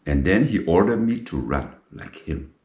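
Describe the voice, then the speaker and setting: A middle-aged man, a native German speaker, telling his own story slowly and emphatically in English, repeating himself and dropping in French military terms. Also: deep voice, lively intonation, darkish tone. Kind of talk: personal storytelling monologue. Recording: echoey room with faint guitar music.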